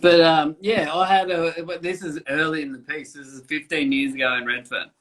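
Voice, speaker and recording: A man's voice: on the high side, fairly even intonation, moderate pace, a bit bright. A man, a tattoo artist rambling through stories with fillers and swearing. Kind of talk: casual chat.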